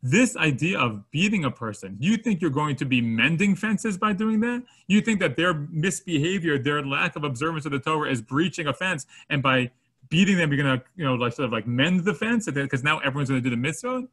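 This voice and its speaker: Teaching Torah to his students, a man talks fairly quickly in a fairly high voice with a breathy edge. He's animated, blending Hebrew words into English and dramatizing daily situations with voices for each character.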